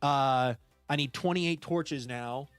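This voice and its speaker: A man's voice: medium pitch, slow pace, clear, resonant tone, no echo, soft background music. A man streaming a building game live, chatting casually and reading out and thanking viewers by name. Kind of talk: live gameplay stream chat.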